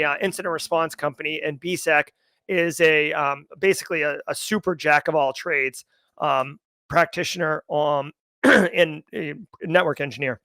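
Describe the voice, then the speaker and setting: A man with a Massachusetts accent hosting a casual livestream chat, joking and animated as he talks to his viewers. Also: on the high side. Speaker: livestream host.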